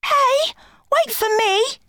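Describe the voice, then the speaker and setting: A woman doing a shrill excitable schoolgirl. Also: takes it slowly, no room sound, studio quality, heavily acted. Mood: chirpy. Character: excitable schoolgirl on a field trip.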